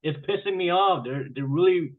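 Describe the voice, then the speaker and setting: A man's voice: sits high, moderate pace. A man co-hosting a casual podcast chat, joking around and mostly giving short reactions. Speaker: podcast co-host. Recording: tinny phone-like sound.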